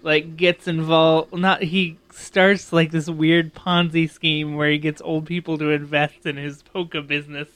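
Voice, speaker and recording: An enthusiastic man in a casual podcast chat rambles happily. His voice is bright and crisp and sits a little high. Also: level tone, unhurried, hardly any pauses. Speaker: podcast co-host.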